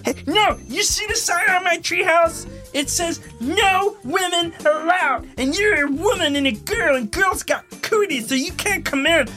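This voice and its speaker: A man's voice: very high voice, expressive, measured pace, few pauses, pushed and bright, faint music behind, pitched above the performer's own voice, full character voice. A man voicing a sulking, childish young male racing driver who whines and shrieks in a babyish tantrum. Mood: whiny.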